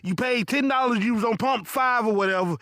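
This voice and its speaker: A man's voice: extremely high pitch, fairly quick, bright, forceful tone, no echo, clean studio sound, heavily acted. A man doing a fed-up but polite cashier woman. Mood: patient. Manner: strained, polite and professional.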